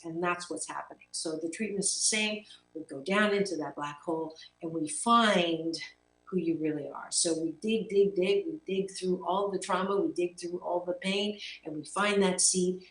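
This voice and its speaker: A middle-aged woman hosts a motivational talk segment, speaking earnestly and emphatically and repeating words as she hunts for the next thought. Her voice sits a little low. She sounds set back from the mic in an echoey room, with a faint hum underneath. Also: a bit bright, distant mic. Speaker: talk show host and life coach.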